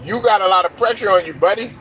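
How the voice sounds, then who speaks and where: A man's voice: high-pitched, fast talker, sharp tone, a faint crowd, poor audio. A man hosting a sports show, delivering a blunt, profane, preachy rant with faint traffic noise around him. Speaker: sports commentary host.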